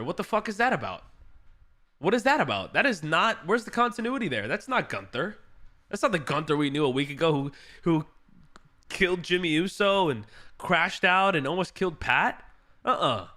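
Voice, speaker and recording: A man streaming a live watch-along, chatting casually, excitable and swearing freely, repeating himself when annoyed. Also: fairly high pitch. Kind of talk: casual live reaction chat.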